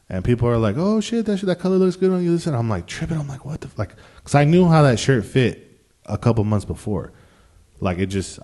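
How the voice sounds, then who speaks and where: A man's voice: lowish voice, darkish tone. A young man telling a story to his viewers in a casual, rambling way, swearing a lot and using plenty of slang. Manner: profane, slangy and rambling, with frequent restarts. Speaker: vlogger.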